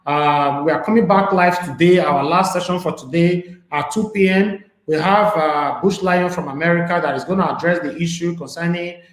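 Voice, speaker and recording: This is a male host on a live online interview stream, his voice sitting fairly high for a man. He talks loosely and keeps dropping in "you know" and "um" as he goes. The room he's in gives everything a noticeable echo. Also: moderate pace, hardly any pauses.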